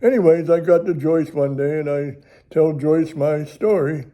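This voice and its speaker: Older male ministry host, folksy rambling storyteller, higher-pitched, very dark tone. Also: fairly even intonation, a little slow. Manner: rambling, chuckling, folksy grammar. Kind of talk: casual storytelling.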